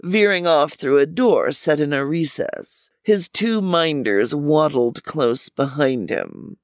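Man, wry deadpan crime-story narrator, lively pitch, dry close-mic sound. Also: slow, no room sound.

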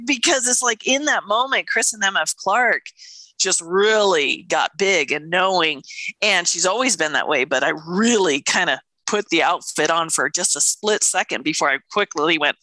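A woman co-hosting a casual podcast, telling stories with lots of laughter and sudden excited jumps in her voice. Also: measured pace, dry recording. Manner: animated storytelling, laughs often, jumps into high excited voices. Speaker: podcast co-host. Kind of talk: casual spiritual podcast chat.

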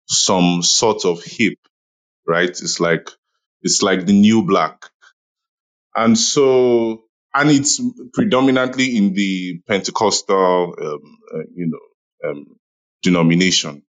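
A man's voice: lowish voice, poor audio. A man in a casual online audio room discussion, chatty and laughing, with many "you know"s. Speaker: Clubhouse room speaker.

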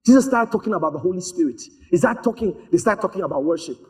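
A man preaching a sermon, telling stories in an animated way and slipping into voices for the people in them. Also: high-pitched, fast. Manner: animated storytelling, acts out voices.

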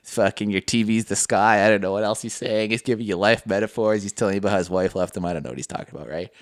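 Dry-voiced young joker. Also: male voice, fairly low pitch, fast, dry recording. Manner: joking storyteller, swears casually. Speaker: podcast co-host. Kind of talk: casual chat.

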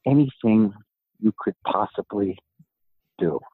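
Man from new york, middle-aged, raspy low voice, lively storytelling, dry tinny sound. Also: slow, dry recording. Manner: animated storyteller, acts out quoted dialogue. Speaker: guest, author and gym owner. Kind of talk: storytelling in a podcast interview.

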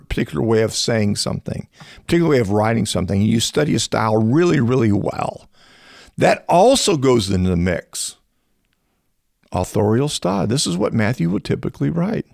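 A biblical scholar teaches on a podcast in a conversational style, his gravelly voice turning animated and rising in pitch when he stresses a point. He often restarts phrases and slows down to explain. The studio-quality recording has no echo.

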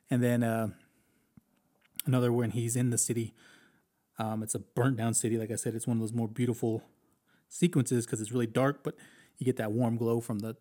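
A man casually talking through a war film he watched, animated and chatty, acting out lines from scenes and laughing often. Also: medium pitch. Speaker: movie reviewer.

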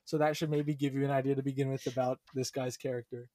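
A man co-hosting a casual podcast, chatty and animated, often laughing as he talks. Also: medium pitch, fast talker, no room sound. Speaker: podcast co-host.

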